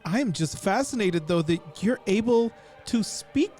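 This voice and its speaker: A woman playing an excitable male monster pieced together from robbed graves, in an improvised radio comedy. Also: mid-range voice, measured pace, soft background music, close to an everyday voice. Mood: excited. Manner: excitable and chatty. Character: eager stitched-together male monster guest.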